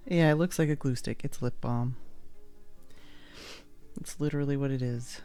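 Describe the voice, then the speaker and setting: A woman's voice: low voice, slow pace, long pauses, warm tone, smooth, no room sound, soft background music. A woman hosting a casual livestream, chatting in a rambling way and laughing often. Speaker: livestream host. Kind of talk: casual chat while making art on stream.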